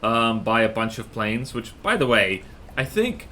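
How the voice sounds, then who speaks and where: A man's voice: mid-range voice, very animated, unhurried, sharp tone, a little hiss or hum. A man streaming a game, chatting casually and thinking aloud while he plays. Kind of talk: casual gaming stream chat.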